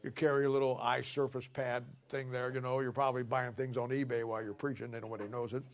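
A man's voice: medium pitch, flat delivery, fast talker. A man preaching a sermon in a folksy, colloquial storytelling way, with emphatic points. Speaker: pastor.

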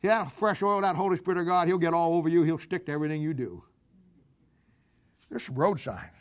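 A man preaching a folksy sermon, telling road-sign jokes and personal stories with animated swings between loud and hushed delivery. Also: on the high side, brisk. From Missouri, USA. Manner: animated storytelling, swings from loud to quiet, laughs at own jokes. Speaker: pastor.

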